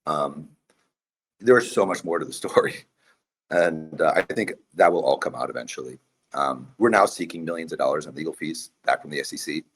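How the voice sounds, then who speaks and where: A man's voice: very deep voice, lively intonation, moderate pace, a bit bright. A man, a priest and investor, telling his story intensely as a guest in a podcast interview.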